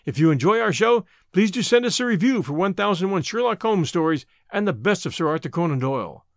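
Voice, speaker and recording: Male narrator-host, dramatic audiobook reading, lively, slightly high, dry close mic. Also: a little fast, no echo. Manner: lively, dramatic reading that shifts pitch for dialogue. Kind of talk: audiobook reading with character voices.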